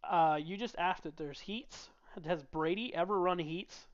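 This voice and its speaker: A man talking casually on a racing podcast, relaxed and self-deprecating. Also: high voice, unhurried, clean tone, dull audio. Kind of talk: casual chat.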